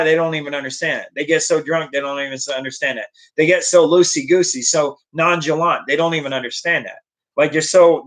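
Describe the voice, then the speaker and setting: A young man with a slightly high, fairly bright voice speaks earnestly to the camera in a casual motivational vlog. He keeps repeating and restarting his phrases.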